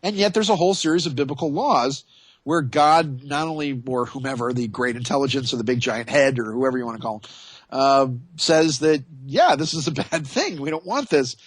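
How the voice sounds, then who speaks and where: A man's voice: medium pitch, lively intonation, fairly quick, breathy edge, no echo. A man hosting a radio talk show, chatting and joking in a rambling way.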